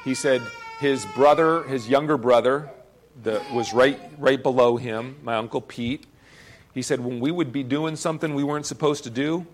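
A man's voice: medium pitch, normal speed, a little hiss or hum. A man preaching a sermon, earnest and emphatic, often repeating words as he presses a point. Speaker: pastor.

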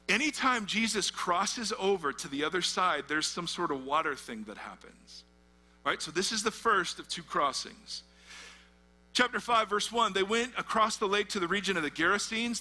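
High bright-voiced male pastor preaching. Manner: asks the audience fill-in questions, conversational and emphatic. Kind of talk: sermon, teaching through a Bible passage.

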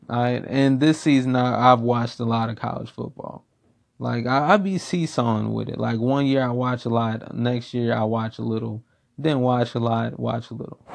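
Man, gravelly voice, middle pitch, casual football rant, blunt, profane, repetitive. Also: darkish tone. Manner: blunt, profane, repeats himself for emphasis. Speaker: sports commentator.

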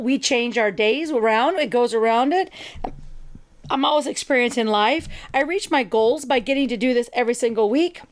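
A woman co-hosting a podcast, talking casually and acting out little quoted exchanges, often restarting her sentences. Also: fairly high pitch. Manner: chatty, acts out quoted dialogue, frequent restarts. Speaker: podcast co-host.

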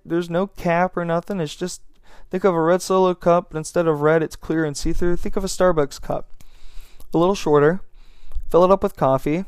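A man's voice: high voice, moderate pace, smooth, no echo, clean studio sound. A young man hosting a podcast, telling a casual, rambling story and swearing freely. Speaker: podcast host.

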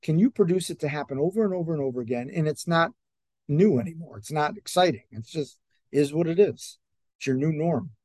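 A man's voice: fairly high pitch, fairly quick, dry recording. A man who trains athletes, telling stories in a casual podcast chat and acting out what other people said. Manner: animated, acts out other people's lines in quotes.

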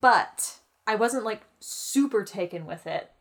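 A woman in her thirties co-hosting a podcast in casual chat, giddy and excitable, laughing often. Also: medium pitch, measured pace. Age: 30s. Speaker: podcast co-host.

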